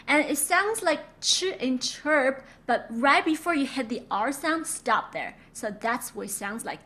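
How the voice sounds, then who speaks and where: A woman's voice: fairly high pitch, expressive, normal speed, hardly any pauses, sharp tone. A woman teaching Mandarin pronunciation in an online lesson, patiently demonstrating sounds and repeating words for students to copy. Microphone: own microphone.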